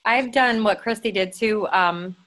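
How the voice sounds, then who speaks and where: A woman's voice: medium pitch, a little slow, fairly bright tone. A woman chatting casually on a team call, rambling with lots of fillers and restarts as she shares tips. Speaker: team member sharing tips.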